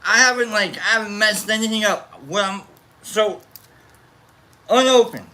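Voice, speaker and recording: A man casually chatting on a livestream as its host, rambling and playful, quick to get excited. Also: sits high.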